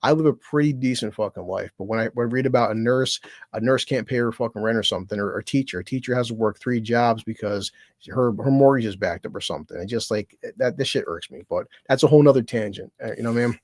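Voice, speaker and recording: A man's voice: medium pitch, fast, a little mellow. A man chatting on his livestream in a mid-range voice, cursing freely and wandering from one point to the next. He laughs often, and the sound is dry and close with no room echo. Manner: profane, rambling, laughs often. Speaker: streamer. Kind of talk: casual livestream chat.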